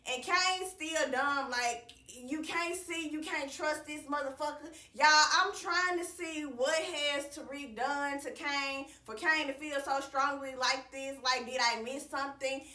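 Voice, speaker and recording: A woman's voice: high voice, a little slow, few pauses, pushed and bright, echoey room, distant mic. A woman recapping a TV episode in casual, slangy chat, calling her viewers y'all and swearing freely. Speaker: TV recap reviewer.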